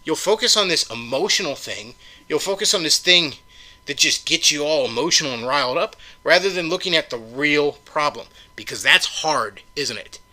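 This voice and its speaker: A man on his own podcast delivers a profane, mocking rant, jabbing at listeners with sarcastic rhetorical questions. His voice sits a bit high and rings hard and sharp, with a tense, forceful edge on every line. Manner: profane, sarcastic, heated ranting. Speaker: podcast host. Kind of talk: solo political rant.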